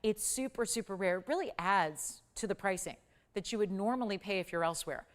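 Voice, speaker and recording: A woman's voice: medium pitch, brisk. A woman hosting a live TV jewelry shopping show, pushing deals with urgent, upbeat sales patter and counting prices down. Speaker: shopping channel host. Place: TV studio.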